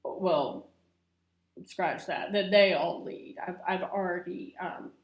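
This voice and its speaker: Slow-talking woman in an echoey room. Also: on the low side, highs cut off. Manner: chatty and confessional, laughs often. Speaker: vlogger. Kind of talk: casual vlog chat to camera. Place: room at home.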